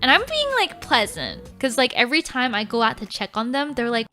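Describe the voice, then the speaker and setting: A woman streamer casually telling stories in an animated way, saying "like" constantly. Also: a little high, fairly quick, hardly any pauses, faint music behind. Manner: animated, heavy use of 'like'. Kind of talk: casual storytelling.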